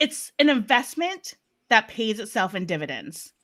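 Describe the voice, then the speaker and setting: A woman with a Boston accent leads a virtual panel in a bright, forceful voice that sits a little high. She talks emphatically and playfully, and her voice carries the flat sound of a video call. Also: moderate pace. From Massachusetts. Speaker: panel moderator.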